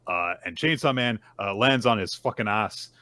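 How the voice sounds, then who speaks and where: A man's voice: fairly low pitch, moderate pace. A man co-hosting a casual podcast, recapping manga chapters and acting out quotes. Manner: animated, acts out character quotes. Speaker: podcast co-host.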